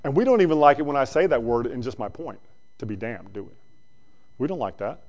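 A male preacher giving a conversational sermon that swings between loud bursts and quiet asides. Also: mid-range voice, animated, fairly quick, vocal fry.

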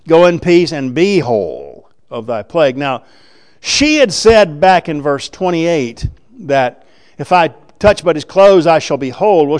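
A man preaching a sermon, explaining scripture in a folksy, animated way and acting out the scenes. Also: fairly high pitch, clear, resonant tone. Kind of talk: sermon, Bible exposition.

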